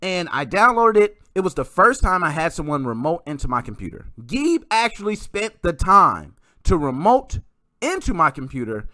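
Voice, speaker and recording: A man hosting a podcast, telling a story in a casual, excitable way with some mild swearing. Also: high voice, normal speed, no room sound, clean studio sound. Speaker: podcast host.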